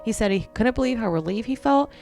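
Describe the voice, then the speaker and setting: A woman hosting a podcast, reading aloud posts and adding chatty, animated asides of her own. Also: fairly high pitch, fast talker, faint music behind. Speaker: podcast host and massage therapist.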